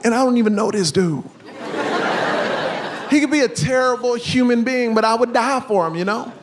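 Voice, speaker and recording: A middle-aged man doing a stand-up comedy set on a club stage, telling stories animatedly and yelling punchlines in character. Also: very high voice, normal speed. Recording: live club with loud crowd noise. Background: audience laughter.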